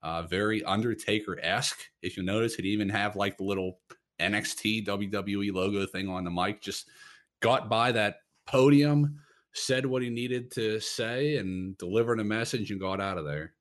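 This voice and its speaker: A man co-hosting a casual wrestling podcast, relaxed and measured, with a wry delivery. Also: lowish voice. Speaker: podcast co-host.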